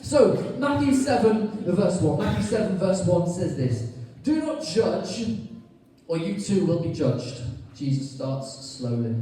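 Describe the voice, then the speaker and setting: A man preaching a sermon in a lively, chatty way, joking with his congregation. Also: sits high, a little slow, a little hiss or hum. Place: church hall. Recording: echoey church from far off.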